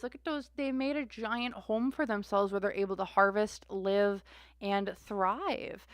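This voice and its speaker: A woman's voice: medium pitch, clean tone, no echo, studio quality. A woman doing a live-stream tarot reading, musing aloud with many restarts and fillers. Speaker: tarot reader.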